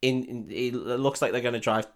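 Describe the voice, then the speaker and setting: A young man co-hosting a podcast, retelling a film scene in a sweary, animated way. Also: mid-range voice, normal speed. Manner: sweary, animated storytelling with laughs. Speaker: podcast co-host. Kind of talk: casual film recap chat.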